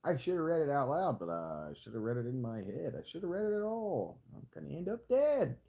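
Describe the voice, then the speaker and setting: Lively, rambling male game streamer. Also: fairly quick, gravelly. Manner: rambling, jokey self-talk with sudden high squeaks; playfully hamming a hick drawl. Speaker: streamer playing a strategy game. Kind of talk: casual live-stream commentary.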